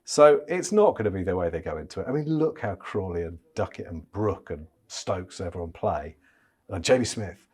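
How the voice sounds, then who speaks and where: A man's voice: low-pitched, expressive, normal speed, darkish tone, husky. A man, a chief cricket correspondent, chatting casually on a podcast, with frequent stammering restarts.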